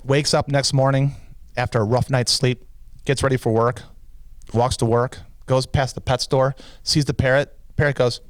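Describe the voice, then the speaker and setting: A man co-hosting a podcast, telling a long joke in casual chat and pitching his voice up to play the characters. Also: normal speed, no echo. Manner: animated storyteller, pitches voice up for characters. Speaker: podcast co-host.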